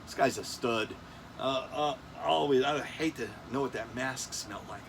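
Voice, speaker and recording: A man's voice: mid-range voice, normal speed, gravelly, noisy background. A man in his fifties hosting a casual toy countdown, rambling, joking at himself and losing his place. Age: 50s. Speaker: toy collector host. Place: air-conditioned room.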